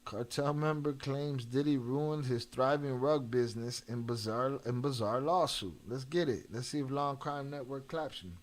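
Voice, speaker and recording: Chicago guy hosting a live stream, slangy and loose, reading chat out loud. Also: medium pitch, moderate pace, few pauses. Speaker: livestream host reacting to videos.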